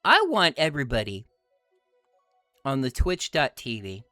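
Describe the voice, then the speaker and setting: A man's voice: medium pitch, huge pitch swings, unhurried, sharp tone, no echo, faint music behind. A man streaming a video game, chatting playfully with his chat and laughing often. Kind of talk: let's-play commentary.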